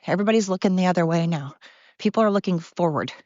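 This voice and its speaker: A woman's voice: on the low side, fast talker, a little mellow, dry recording. A middle-aged woman rants on her podcast while walking outdoors in the cold, out of breath and swearing freely. Her tone stays blunt and sarcastic throughout. The recording is dull and lo-fi, with a dry, close sound. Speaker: podcast host. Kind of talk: casual ranting monologue.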